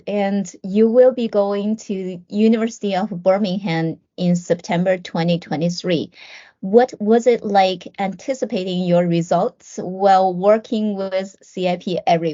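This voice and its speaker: Mellow-voiced woman interviewer. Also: mid-range voice, unhurried. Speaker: podcast interviewer. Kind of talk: reading interview questions. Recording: dull lo-fi sound.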